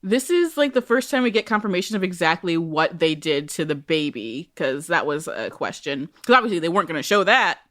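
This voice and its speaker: A woman's voice: fairly low pitch, very animated, fairly quick, few pauses, fairly bright tone. A woman co-hosting a casual rewatch podcast, giving wry, sarcastic commentary and stretching out words for emphasis. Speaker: podcast co-host.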